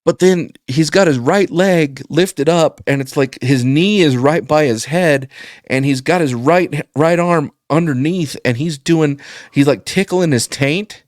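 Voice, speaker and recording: A man telling a rambling, profane story in casual podcast chat, getting animated when he quotes people. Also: fairly high pitch, a little slow, dry recording, clean studio sound. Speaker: podcast guest.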